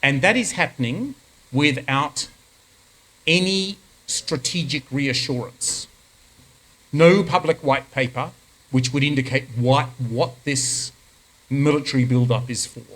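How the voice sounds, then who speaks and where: A man with an Australian accent lays out policy in a measured, deliberate way. He speaks plainly and firmly, with his voice sitting at an ordinary middle pitch. He sounds like a diplomat taking questions at a conference. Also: a bit bright, rough recording. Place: conference hall.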